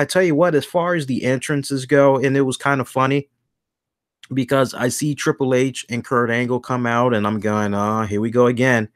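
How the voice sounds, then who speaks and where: A man hosting a wrestling review show in a casual chat, animated and acting out the voices he quotes. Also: mid-range voice, no echo, studio quality.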